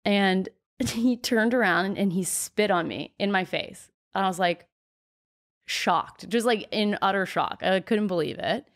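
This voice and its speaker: A young woman in her twenties, a podcast guest, telling stories in a candid, chatty way with lots of "like" and quick laughs. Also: mid-range voice. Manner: chatty storyteller, heavy use of "like", frequent laughs.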